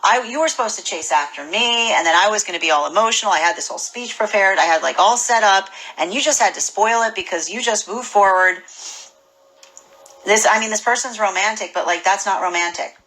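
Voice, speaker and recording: A woman giving a casual spoken tarot reading, animated and full of restarts and repeated words. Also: mid-range voice, fairly quick, poor audio. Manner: acts out imagined people's voices. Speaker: tarot reader.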